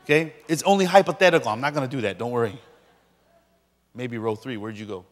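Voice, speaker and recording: A man's voice: medium pitch, fast, big-room sound. A man preaching a sermon as a pastor, joking playfully with his audience. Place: large lecture hall.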